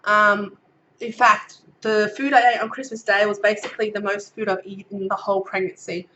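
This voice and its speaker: A woman's voice: mid-range voice, level tone, normal speed, bright, forceful tone, muffled recording, a little hiss or hum. A woman in her thirties with an Australian accent, giving a casual pregnancy update to camera, a little out of breath and getting over a cold, chatty with many ums as she reads her notes. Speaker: vlogger.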